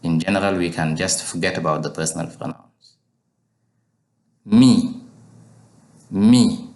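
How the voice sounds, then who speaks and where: A man's voice: deep voice, unhurried, creaky, darkish tone, echoey room. A man teaching a language lesson, patiently repeating each word for learners to drill.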